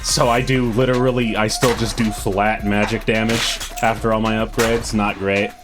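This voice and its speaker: A man's voice: fairly low pitch, level tone, normal speed, music in the background. A man recording a voice-over commentary of his own gameplay, wry, sarcastic and self-mocking. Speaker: gaming channel host.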